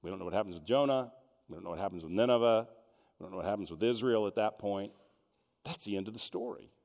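A pastor retelling a Bible story in a conversational, expressive sermon. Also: male voice, lowish voice, fast talker, in a large hall.

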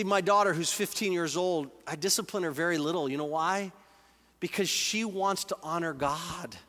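A man's voice: high-pitched, sharp tone. A man in his forties, a pastor preaching a sermon in a church, earnest and conversational as he reads and explains scripture. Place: church sanctuary. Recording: reverberant church hall.

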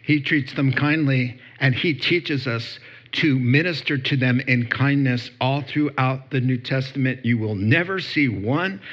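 A man's voice: medium pitch, lo-fi sound. A man preaching a sermon, mocking and sarcastic in tone, often laughing as he speaks. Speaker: pastor.

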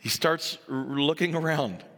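A man preaching a sermon to his church, telling a story with animated acted-out voices and building to emphatic peaks. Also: on the high side, a little slow, long reverb tail. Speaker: pastor.

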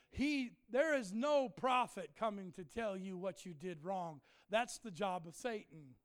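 Preacher, male, middle-aged, high voice, folksy and joking, erupts into shouts mid-story. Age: middle-aged or older. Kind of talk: sermon storytelling. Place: church in front of a congregation.

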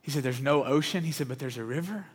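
Man, pastor, sermon, earnest, often hushed, medium pitch, long hall reverb. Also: fast talker, husky. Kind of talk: sermon with storytelling.

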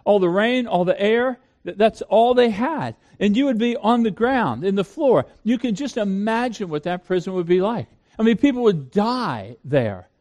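High-voiced man preaching earnestly. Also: lively intonation, moderate pace, few pauses, darkish tone. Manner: earnest, repeats words when starting sentences. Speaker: pastor. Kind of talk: sermon.

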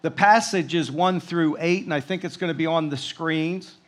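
A man's voice: a little high, normal speed. A man preaching a sermon, reading scripture aloud and commenting with emphatic declarations.

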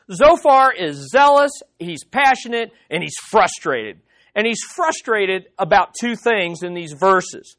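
A man preaching an expository sermon in a conversational, animated way, with vivid sound effects. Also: high-pitched, dry recording. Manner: conversational, with frequent fillers. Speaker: pastor.

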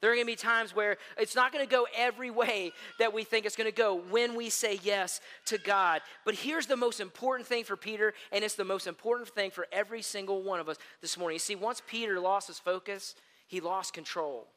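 High bright-voiced man preaching. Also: fairly quick, long reverb tail. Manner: animated storyteller, addresses listeners as gang. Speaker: pastor. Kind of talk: sermon.

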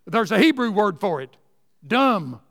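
A man's voice: sits high, animated, normal speed, fairly bright tone. A man teaching a Sunday school talk in a folksy storytelling manner, repeating words and building to emphatic asides. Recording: long hall reverb.

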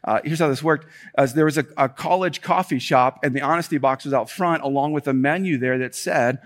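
A man delivering a church sermon, animated and emphatic, repeating key points and slipping into casual, joking asides. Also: medium pitch, a little fast. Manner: animated preaching with emphatic repetition and rising intensity; conversational asides and self-deprecating humor. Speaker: pastor.

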